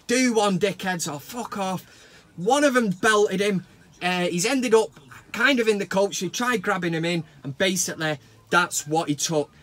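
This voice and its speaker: A man giving a blunt, sweary fan rant that builds into a shouted team talk. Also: high voice. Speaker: football fan vlogger. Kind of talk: ranting fan vlog.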